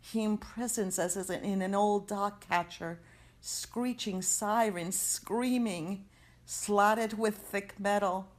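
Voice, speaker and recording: A woman reads poetry dramatically, at a very slow pace. Her delivery is measured and emphatic, and she leaves long pauses between lines. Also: mid-range voice. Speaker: poetry reader.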